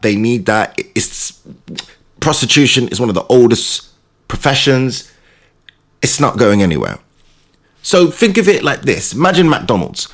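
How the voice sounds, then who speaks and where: A young English man hosting a show, telling stories and chatting in a theatrical, animated way. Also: medium pitch. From England. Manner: animated, theatrical storytelling with mimicked voices. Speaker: radio host. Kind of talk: casual chat with storytelling.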